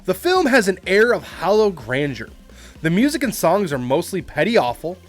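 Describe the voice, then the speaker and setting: A man's voice: high voice, big pitch swings, moderate pace, soft background music. A man hosting a movie trivia podcast, reading quotes aloud and adding casual asides. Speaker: quiz podcast host.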